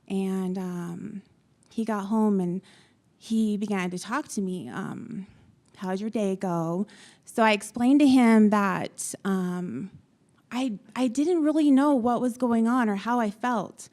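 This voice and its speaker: A young adult woman from Utah, a patient on a panel, telling her story to an audience with frequent pauses and ums. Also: medium pitch, a little mellow. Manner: halting, many ums, retells dialogue. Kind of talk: personal story told to an audience.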